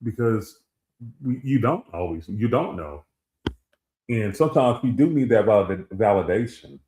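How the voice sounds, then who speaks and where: Recorded in an echoey room, a middle-aged man co-hosting a casual talk show recounts something from his own life, imitating the voices he quotes. He has a fairly low, warm voice with lively intonation and speaks a little slowly.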